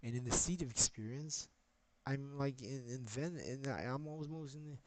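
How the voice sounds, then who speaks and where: A man's voice: mid-range voice, normal speed, a little mellow, dry recording, low-quality recording. A man streaming, talking in a rambling, agitated monologue with a lot of swearing.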